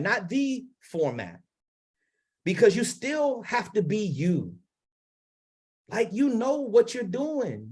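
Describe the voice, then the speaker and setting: A man from Maryland coaching public speakers on a livestream, emphatic and blunt, with dramatic pauses and sudden swings from soft to loud, on a lavalier mic. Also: sits high, breathy edge. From Maryland, United States.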